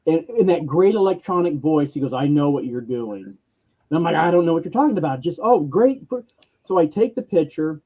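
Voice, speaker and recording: A man telling a convention story in casual chat, lively, acting out other people's lines in varied voices. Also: fairly high pitch, a little fast, slightly rough, poor audio.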